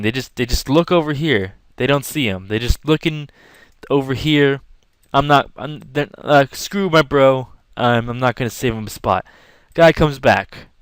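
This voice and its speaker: A young male vlogger with a clear, resonant, medium-pitched voice tells a rambling story to camera while he draws. He's animated, acting out scenes and even yelling, and there's no room sound.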